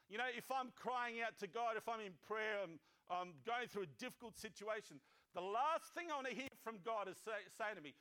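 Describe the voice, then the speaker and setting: A man's voice: high voice, normal speed, pushed and bright. A man preaching a sermon as pastor, reading scripture and breaking into conversational, joking asides and acted-out voices.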